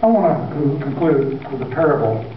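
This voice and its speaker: A man's voice: medium pitch, animated, normal speed, a little hiss or hum. A man preaching an impassioned, emphatic sermon, using repeated phrases to drive his points home. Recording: echoey hall from far off, dull.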